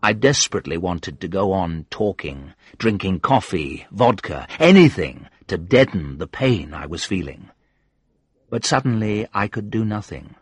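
Low husky guy reading an audiobook, slow sombre storytelling, dry close mic. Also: very animated, dry recording. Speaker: audiobook narrator. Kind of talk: first-person audiobook narration.

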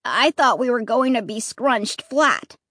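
Lady voicing a shy worried kid, low and quiet, unsure of everything, dry sound. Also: expressive, unhurried, no room sound, full character voice. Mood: uneasy. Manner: quiet and hesitant. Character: timid, cautious boy with glasses.

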